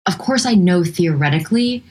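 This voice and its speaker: A woman composer talks through her process in a fairly low voice. She is chatty and animated, laughs easily, and often restarts her sentences. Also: brisk. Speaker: guest composer. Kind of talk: casual interview chat.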